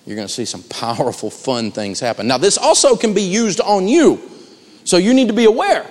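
A man giving a live seminar talk on negotiating, telling stories with animated delivery and acting out the quotes. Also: medium pitch, brisk, long reverb tail. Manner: animated storytelling, acts out quotes. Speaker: negotiation speaker.

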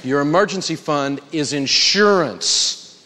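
A man's voice: on the high side, slow pace, bright, forceful tone. A man teaching personal finance to a live audience, emphatic, humorous and folksy as he tells stories. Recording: reverberant lecture hall.

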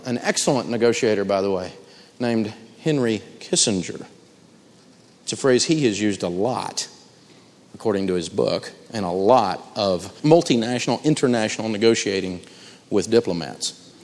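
A man giving a live seminar talk on negotiating, telling stories with animated delivery and acting out the quotes. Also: on the low side, moderate pace, in a large hall. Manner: animated storytelling, acts out quotes. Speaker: negotiation speaker.

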